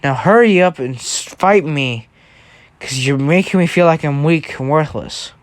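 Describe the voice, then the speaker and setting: A man's voice: fairly high pitch, unhurried, no room sound, natural voice. A man voicing a frustrated young male rival who keeps demanding a real fight, in an insistent, pushy way.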